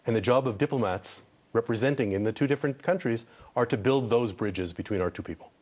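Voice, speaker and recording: A man's voice: mid-range voice, a little fast, a little mellow. A man who is an ambassador from Israel, answering questions in a TV news interview in an earnest way and repeating words when he presses a point.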